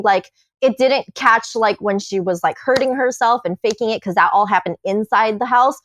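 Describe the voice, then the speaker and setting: A woman on a podcast telling her own story in casual chat, animated and swearing, acting out what people said. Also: a little high, moderate pace, hardly any pauses, slight background noise. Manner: animated, swearing, acts out quotes.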